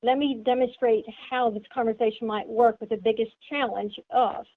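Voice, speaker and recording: A woman leads a sales seminar in a fairly high voice, laying out each point step by step. She turns questions back to her listeners as she teaches. The sound is thin and narrow, like a phone line. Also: steady tone, normal speed. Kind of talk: instructional seminar talk.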